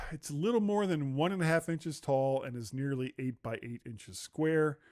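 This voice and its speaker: A man co-hosting a casual tech podcast, chatty and quick to laugh, telling stories and reading show notes aloud. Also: on the high side, a little mellow. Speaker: podcast co-host.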